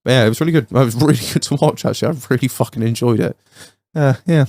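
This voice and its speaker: A man's voice: mid-range voice, fast talker, vocal fry, a little mellow, no room sound. A man hosting a podcast in casual chat, telling stories with lots of swearing. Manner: sweary storytelling. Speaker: podcast host.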